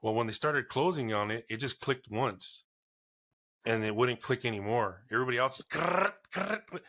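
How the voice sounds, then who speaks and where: A middle-aged man, a podcast co-host, telling a profane, animated story in casual chat. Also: mid-range voice, moderate pace.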